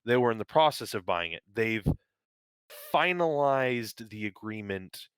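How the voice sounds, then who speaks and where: A man's voice: on the low side, animated, a little slow, clear, resonant tone, no echo, studio quality. A man co-hosting a podcast, talking casually and at length, with many fillers and restarts and some casual swearing. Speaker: podcast co-host. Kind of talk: casual chat.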